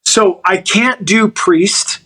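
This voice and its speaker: A middle-aged man, a guest on an interview show, telling personal stories in an animated, excitable way. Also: sits high, slow, slightly rough, low-quality recording. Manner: animated, excitable storytelling with restarts and laughs. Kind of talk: personal storytelling in a podcast interview.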